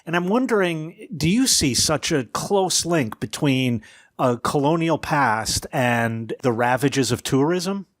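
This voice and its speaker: A man's voice: on the high side, expressive, takes it slowly, no room sound. Thoughtful questioning man, dry mic. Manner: thoughtful, questioning, wry asides. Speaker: podcast co-host. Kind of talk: academic discussion.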